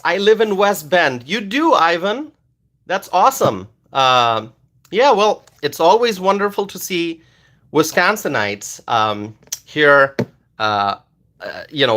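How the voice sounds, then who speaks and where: A man from Bangladesh, hosting a casual livestream and reading viewer comments aloud, animated and loud at times. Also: on the high side. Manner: animated, loud at times, with many fillers and repeated words. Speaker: livestream host reading chat.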